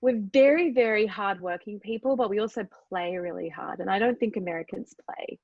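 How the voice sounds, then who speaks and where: This is a middle-aged woman with an Australian accent, speaking as an interview guest in a casual chat. She is warm and enthusiastic, with plenty of fillers. Her voice comes through a dull, dry video-call line. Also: mid-range voice, a little fast, no echo. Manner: chatty, enthusiastic, frequent fillers. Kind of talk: casual conversation.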